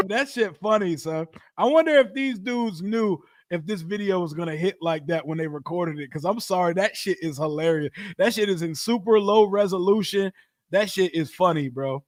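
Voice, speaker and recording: A man's voice: high voice, normal speed, dry recording, studio quality. A man, hosting a casual sports livestream, slangy and laughing often. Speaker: sports podcast host.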